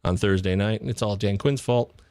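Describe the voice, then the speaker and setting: A man hosting a live fantasy football chat in a jokey, excitable way, jumping from loud bursts to muttered asides. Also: lowish voice, fairly quick, smooth, dry recording, studio quality. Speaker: podcast host.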